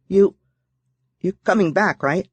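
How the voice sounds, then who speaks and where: A small, timid girl speaks in a hushed, lifted voice, put on by a man narrating a novel. The sound is dry and close to the mic, with no room around it. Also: slow pace, husky, no echo, exaggerated voice. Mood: anxious. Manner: high, soft, childlike voice. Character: young girl, timid, tender, scared.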